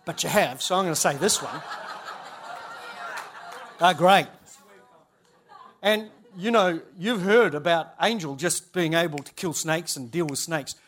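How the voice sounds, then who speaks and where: Church speaker, man, light high voice; casual anecdotes, laughs at his own jokes. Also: measured pace, long pauses, fairly bright tone, slight background noise. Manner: chatty, self-interrupting, laughs at own stories. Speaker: church leader speaking at a conference. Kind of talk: humorous storytelling talk.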